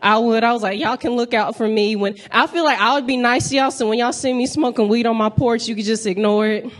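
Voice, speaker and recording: A woman's voice: fairly high pitch, fairly quick. A young woman from North Carolina, doing a brash, playful stand-up set and talking straight to the crowd from a comedy club stage.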